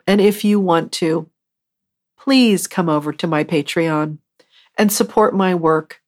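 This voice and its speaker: A woman's voice: mid-range voice, darkish tone. A woman hosting her podcast, talking on her own in a rambling, chatty and self-mocking way. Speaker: podcast host. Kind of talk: casual solo podcast monologue.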